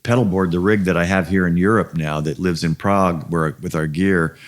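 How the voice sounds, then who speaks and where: A man's voice: sits low, steady tone, fairly quick. A man in his sixties with an American accent, talking casually as an interview guest, rambling with many fillers and restarts. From USA. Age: 60s. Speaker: guest musician.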